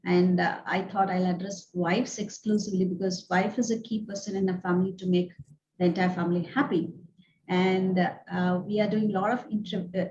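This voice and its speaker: A woman's voice: medium pitch, darkish tone. A woman hosting an interview show, talking earnestly with many fillers and repeated words. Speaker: host. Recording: roomy echo, dull lo-fi sound with faint noise.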